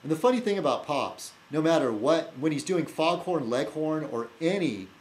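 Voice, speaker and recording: A man talking casually to camera as a video blogger, rambling and teasing, halting often with fillers and restarts and chuckling to himself. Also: fairly high pitch, lively intonation, darkish tone, slight background noise, poor audio. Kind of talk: rambling casual vlog chat.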